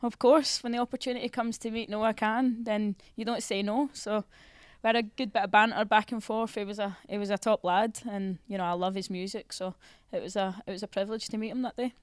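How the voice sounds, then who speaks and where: A woman's voice: mid-range voice, fairly even intonation, brisk, hardly any pauses, clear, resonant tone, no echo, studio quality. A woman with a Scottish accent, chatting casually as a guest and laughing often. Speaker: footballer guest. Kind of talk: casual chat.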